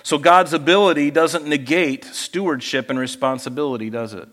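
A man preaching a sermon in a loose, conversational way. He keeps checking in with the congregation and slips into quick acted-out voices. His voice sits a little high, and it rings with a long reverb as if he is in a large church. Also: fairly bright tone. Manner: conversational, asks the congregation questions and acts out voices. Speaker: pastor.

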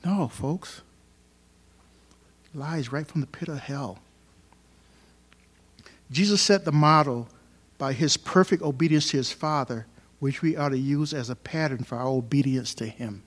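Male pastor, mid-pitched voice, emphatic sermon delivery, loud and soft by turns, church setting. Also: moderate pace, pauses often. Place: church hall.

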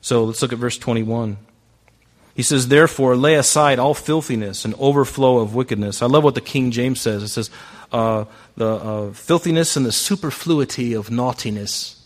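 At a moderate pace and medium pitch, a male pastor gives a sermon in a chatty way, frequently asking the congregation rhetorical questions.

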